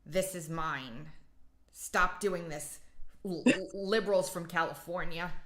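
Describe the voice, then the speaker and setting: A woman hosting a podcast, talking in an emphatic, animated way in a casual chat. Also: on the low side, slow, a crowd in the background. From Italian heritage. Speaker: podcast host.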